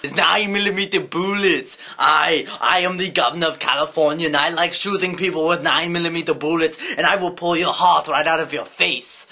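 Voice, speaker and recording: A man's voice: fairly high pitch, steady tone, a little fast, few pauses, bright, forceful tone, heavily acted. A man doing a boastful muscle-bound action-star governor. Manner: clumsy exaggerated accent impression, boasting. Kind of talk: comedy sketch improv.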